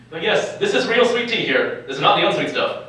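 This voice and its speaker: A man's voice: sits high, sharp tone. A young man from California, a doctor speaking to medical students at a live event, joking and chuckling often, recorded from far off in a lecture hall. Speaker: physician and medical educator.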